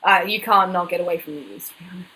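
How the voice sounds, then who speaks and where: A woman's voice: fairly low pitch, racing, bright, forceful tone, a little hiss or hum, poor audio. A woman co-hosting a casual live Q&A stream, chatting and teasing her co-host.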